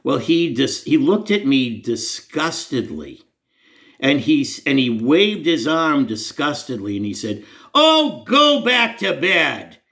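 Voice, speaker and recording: A man's voice: medium pitch, sing-song, unhurried. A man telling a personal faith story to the camera in an earnest, conversational, self-deprecating way. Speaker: Christian storyteller.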